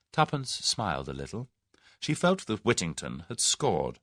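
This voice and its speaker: A man narrating a classic mystery novel in a measured, expressive way. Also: low voice, no room sound, clean studio sound. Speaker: audiobook narrator. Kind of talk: scripted narration.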